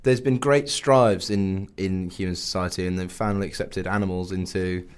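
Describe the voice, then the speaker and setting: Chatty radio host, low voice. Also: male voice, steady tone, moderate pace, smooth. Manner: chatty, rambling with many fillers. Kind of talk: casual radio banter.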